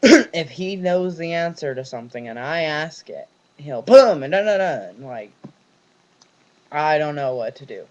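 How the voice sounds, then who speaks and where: A man's voice: on the high side, lively intonation, unhurried, long pauses. Ranting young man on a dull webcam. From California. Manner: ranting, heavy swearing, run-on storytelling. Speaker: vlogger. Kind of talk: venting personal vlog.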